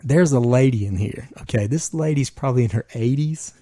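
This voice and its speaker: A man co-hosting a podcast, telling a long, animated story. His voice jumps up whenever he quotes himself. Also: medium pitch, brisk, no echo, clean studio sound. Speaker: podcast co-host. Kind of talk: casual storytelling chat.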